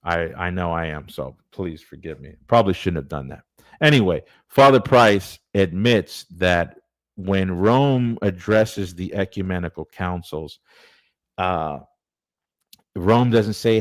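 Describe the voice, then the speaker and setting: With a deep, unhurried voice and no room sound, a man gives a casual lecture on church history. His delivery is earnest, conversational, and prone to digressions.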